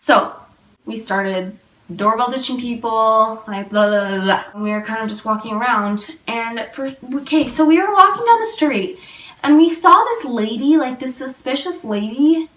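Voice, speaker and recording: A woman's voice: on the high side, animated, moderate pace, fairly bright tone. Young woman rambling through a story. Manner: rambling, filler-heavy storytelling. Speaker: vlogger. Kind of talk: storytime vlog. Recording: roomy and a little distant.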